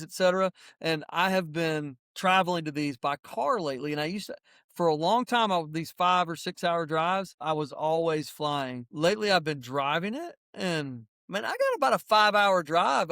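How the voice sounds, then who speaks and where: A man's voice: sits high, a bit bright, clean tone, no echo, studio quality. A middle-aged man hosting a podcast, talking in a blunt, fired-up, preachy way. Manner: rapid-fire opinions. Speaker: podcast host. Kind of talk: casual motivational podcast talk.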